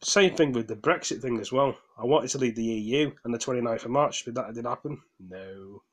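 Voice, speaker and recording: A man's voice: mid-range voice, a little fast, fairly bright tone. A man vents in a rambling casual vlog rant. His voice sounds tired, and he talks in a heated way, swears, stumbles over restarts and apologizes to his viewers. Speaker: gaming vlogger. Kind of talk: casual ranting monologue.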